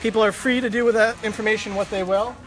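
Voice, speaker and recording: A woman calmly telling a rally crowd outdoors what security asked, in a measured tone. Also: medium pitch, over music. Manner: measured, matter-of-fact. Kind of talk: making an announcement to a crowd. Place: outdoors by a building entrance.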